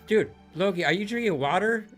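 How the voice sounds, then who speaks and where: A man's voice: high-pitched, lively intonation, brisk, a bit bright, faint music behind. A man hosting a casual chat, teasing the others and swearing freely. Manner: teasing, swears, calls people bro. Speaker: podcast host.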